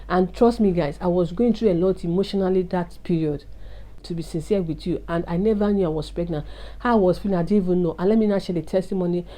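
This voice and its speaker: A woman's voice: on the low side, fast talker, dark tone. A woman, telling an emotional personal testimony and confiding in her viewers. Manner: earnest, confiding, addresses viewers as guys. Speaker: vlogger sharing a testimony.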